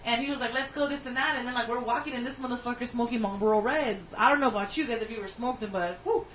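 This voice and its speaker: High-voiced woman telling a profane story. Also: quick pace, roomy sound, muffled recording, slight background noise. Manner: animated, profane, slangy. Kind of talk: casual storytelling chat.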